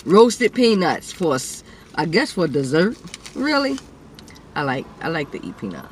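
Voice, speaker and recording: A woman's voice: sits low, sing-song, moderate pace, a little hiss or hum. A woman, chatting playfully with viewers about her meal on her eating show. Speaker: mukbang vlogger. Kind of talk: casual eating show chat.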